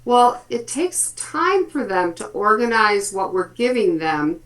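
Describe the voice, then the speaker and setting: A woman in her fifties, a speech therapist chatting casually and telling lively stories about her students and granddaughter. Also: mid-range voice, takes it slowly. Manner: lively storytelling, quotes kids and family. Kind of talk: casual web chat.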